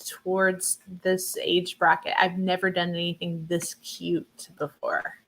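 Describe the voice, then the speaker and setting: Woman, artist guest, casual chat, slow pace, hesitant, soft delivery. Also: fairly low pitch, flat delivery, poor audio.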